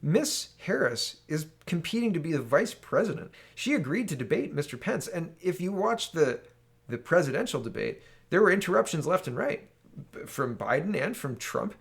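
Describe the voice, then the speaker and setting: A man's voice: a little high, big pitch swings, moderate pace, creaky. Exasperated man ranting on politics. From Canada. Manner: exasperated ranting, tags "right?" often. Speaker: political commentator. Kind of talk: solo opinion commentary.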